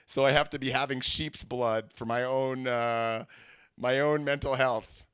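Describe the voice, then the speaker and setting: A man's voice: mid-range voice, fairly even intonation, measured pace, a bit bright, clear, resonant tone, no room sound, clean studio sound. A man who is a comedian hosting his own podcast, rambling through a comic monologue with lots of fillers and restarts. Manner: rambling, self-mocking, many fillers and restarts.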